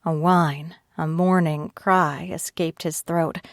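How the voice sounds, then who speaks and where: A woman narrating an audiobook in first person, reading at a slow, steady pace and raising her pitch for the other characters' lines. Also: no room sound, studio quality. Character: tearful frightened young woman narrator, Ivy.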